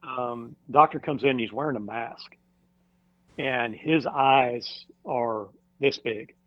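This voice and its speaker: A male firefighter, appearing as a guest in a casual podcast interview, tells a personal story in a halting way, full of fillers and restarts. His voice is mid-range, and the recording sounds dull and dry.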